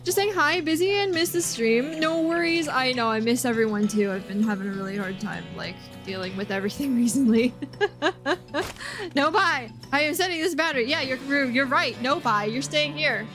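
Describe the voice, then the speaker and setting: A woman's voice: high voice, normal speed, music in the background. A young woman streaming a game live, chatting with viewers in a giggly, rambling way. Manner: giggly, rambling, talks to chat. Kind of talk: live gameplay stream chat.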